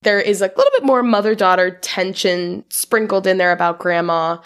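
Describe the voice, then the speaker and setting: A woman's voice: mid-range voice, expressive, moderate pace. A woman co-hosting a podcast, casually recapping a film from her notes and laughing often. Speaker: podcast co-host.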